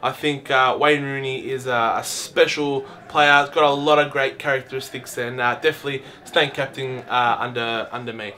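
A man playing a football manager answering pre-match press questions in a measured, filler-heavy way. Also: medium pitch, fairly even intonation, sharp tone, pitched below the performer's own voice, close to an everyday voice. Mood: composed.

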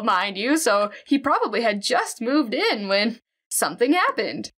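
A woman's voice: fairly high pitch, expressive, moderate pace, a bit bright. Chatty woman gamer reading game text. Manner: chatty and jumpy, reacts aloud while reading the story. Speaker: let's play gamer. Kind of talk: let's play commentary, reading game text aloud.

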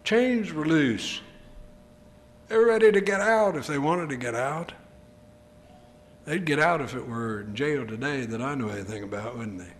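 A man's voice: medium pitch, normal speed, pauses often. An older male preacher delivering an earnest, emphatic sermon full of rhetorical questions. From United States.

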